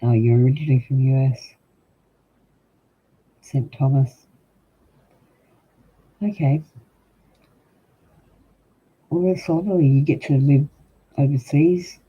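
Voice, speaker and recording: A man's voice: medium pitch, steady tone, takes it slowly, pauses often, mellow. An older man with an Australian accent, chatting casually and rambling with livestream viewers, full of ums, as a tarot reader. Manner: rambling, chatty, frequent ums, talks straight to chat. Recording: tinny phone-like husky audio.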